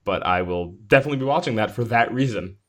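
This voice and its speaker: A man's voice: fairly low pitch, expressive, quick pace. A man hosting a podcast in casual chat, enthusiastic, laughing often and restarting his sentences. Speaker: podcast host.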